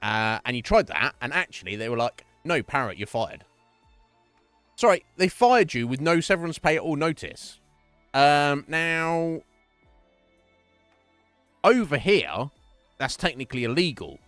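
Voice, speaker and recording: Male streamer, animated, loose and profane, close dry sound. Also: on the high side, clean tone, no echo, soft background music. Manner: chatty, profane, quick to laugh. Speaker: Twitch streamer. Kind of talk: casual live-stream chat with viewers.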